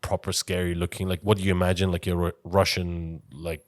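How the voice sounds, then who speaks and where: A man's voice: low-pitched, little pitch movement, fairly quick, dry recording, clean studio sound. A young man from Iran with a mixed Iranian-English accent, co-hosting a podcast and telling stories animatedly, swearing freely. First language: Farsi. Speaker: podcast co-host. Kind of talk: casual storytelling chat.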